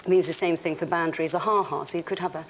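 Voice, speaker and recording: A man's voice: on the high side, fairly even intonation, very fast, a bit bright, a little hiss or hum, poor audio. A man on a TV panel game, rambling and playful as he bluffs a definition.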